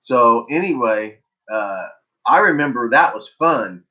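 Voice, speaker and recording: A man's voice: mid-range voice, lively intonation, a little slow. Easygoing middle-aged man, dull lo-fi audio. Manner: easygoing, reminiscing. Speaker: channel host. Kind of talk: casual live-stream chat.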